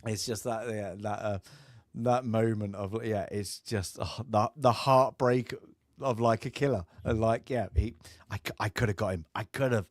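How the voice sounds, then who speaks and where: A man's voice: on the low side, steady tone, moderate pace, no room sound, clean studio sound. A man chatting casually about a film, rambling with many fillers and acting out lines. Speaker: film review podcast host.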